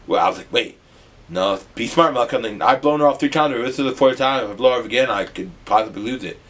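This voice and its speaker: A young man from the US Midwest, telling a rambling, animated storytime with some swearing. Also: mid-range voice, fast talker. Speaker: vlogger. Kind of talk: casual storytime.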